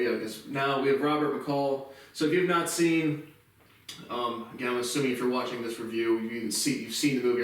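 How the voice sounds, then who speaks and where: A man giving a casual spoken movie review, rambling and relaxed, often restarting his sentences and swearing casually. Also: mid-range voice. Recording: very echoey room, distant mic.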